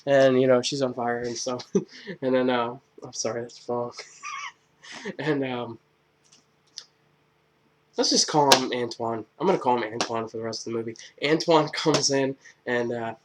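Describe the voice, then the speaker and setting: A man's voice: mid-range voice, steady tone, a little slow, pauses often. A man giving a casual spoken movie review, rambling with lots of fillers and a crude, irreverent sense of humor. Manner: rambling, filler-heavy, joking retelling.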